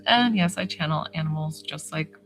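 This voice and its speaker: A woman's voice: low-pitched, moderate pace, rough recording. Chatty woman live streaming over music. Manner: chatty, bubbly, addresses viewers by name. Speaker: psychic medium and intuitive healer hosting a live stream. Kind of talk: casual live-stream chat. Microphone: phone camera.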